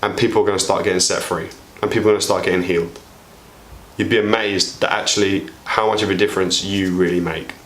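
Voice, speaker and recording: A man preaching an energetic, joking sermon to his church, his pitch swinging widely as he appeals for volunteers. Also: quick pace, reverberant. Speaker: pastor.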